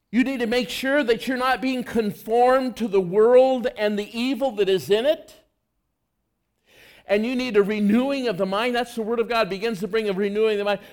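A male preacher with a notably high voice delivers his sermon in an earnest, conversational way. He leans hard into emphatic lines, then sinks into soft, low stretches.

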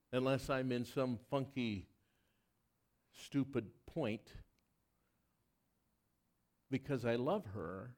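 A man preaching a sermon as pastor, telling personal stories in an earnest, animated way with touches of self-deprecating humor. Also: mid-range voice.

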